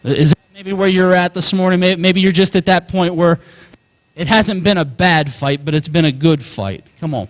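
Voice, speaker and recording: A young man preaching a sermon as pastor, animated, calling out to his congregation and chuckling often. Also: high voice, moderate pace.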